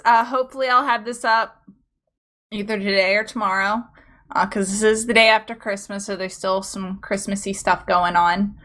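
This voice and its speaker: A woman's voice: medium pitch, sharp tone. A woman co-hosting a casual chat about online stories, giggling often as she talks. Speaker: co-host reading stories.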